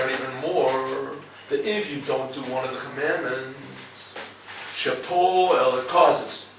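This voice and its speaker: A man's voice: mid-range voice, distant mic, slight background noise. Man, Torah class lecture, storytelling, very echoey hall, voice from off-mic. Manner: storytelling, lively, asks listeners "right?". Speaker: rabbi teaching a class.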